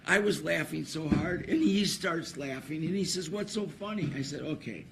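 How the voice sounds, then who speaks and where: A man's voice: a little high, normal speed, gravelly, background noise. A man announcing a trivia contest, who tells a story at an awards ceremony before a live audience. He rambles, laughs and restarts his sentences.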